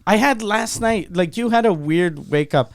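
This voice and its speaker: Smooth-voiced man spinning a wild story. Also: high-pitched, normal speed. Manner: animated storyteller who acts out every line of dialogue; swears freely. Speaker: comedian and podcast host. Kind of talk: casual podcast chat.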